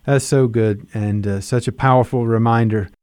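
Earnest guy hosting a faith radio show, warm low-key tone, dry studio sound. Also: fairly even intonation, moderate pace, smooth, dry recording. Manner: earnest, reflective, uses scripture. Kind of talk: Christian radio interview.

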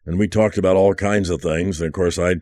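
Older male pastor, deep and earnest, dry studio read. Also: fairly even intonation, fairly quick, no echo. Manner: earnest, emotional storytelling, drops to hushed tones. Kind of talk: testimony sermon.

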